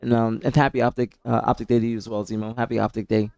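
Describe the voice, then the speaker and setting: A man's voice: mid-range voice, flat delivery, fast, vocal fry, darkish tone, no echo. A man streaming live, chatting casually and reading viewer messages, rambling and repeating himself as he answers chat. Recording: dry close mic with faint music behind.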